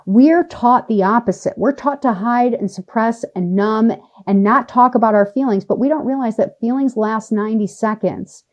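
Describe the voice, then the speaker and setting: A woman, a podcast guest, tells a personal story in animated, emphatic conversation and slows down or speeds up for effect. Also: on the high side, highs cut off.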